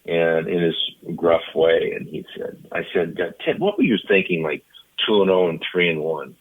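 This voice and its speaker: A man in his seventies tells a long anecdote, his voice very low. The sound is narrow and tinny, like a phone line. He leans into the story with animated, storytelling energy. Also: moderate pace, slightly rough. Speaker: interview guest, retired baseball player. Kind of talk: storytelling interview.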